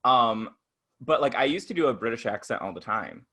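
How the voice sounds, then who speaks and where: A man co-hosting a podcast in casual chat, gushing and animated, breaking into laughter. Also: medium pitch, normal speed. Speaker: podcast co-host.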